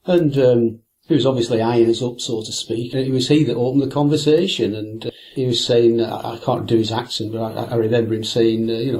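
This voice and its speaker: A man's voice: mid-range voice, steady tone, a little fast, few pauses, a little mellow. An older man, an angler, telling fishing stories in a rambling interview manner full of hesitations. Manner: rambling, with many hesitations and restarts. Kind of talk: reflective anecdotal interview talk.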